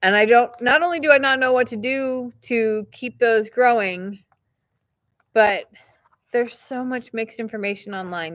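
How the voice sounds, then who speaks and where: A woman's voice: on the high side, measured pace, dry recording. Emotional chatty woman. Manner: chatty and emotional, near tears. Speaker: vlog host opening fan mail. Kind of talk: casual chat to viewers.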